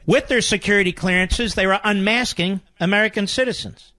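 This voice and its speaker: A man's voice: high voice, a little fast, pushed and bright, no echo, studio quality. A man hosting a talk radio show, delivering an indignant political monologue with heavy repetition.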